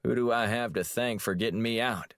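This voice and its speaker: A man voicing a brusque, gruff older spy chief who loves cigars. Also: mid-range voice, fairly quick, a bit bright, dry recording, studio quality, voice pushed up, natural voice.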